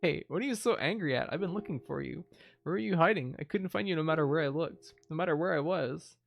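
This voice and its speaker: A man's voice: a little high, fast talker, gravelly, lo-fi sound. Man reading a brooding young killer. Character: brooding young male killer, hungry and wistful.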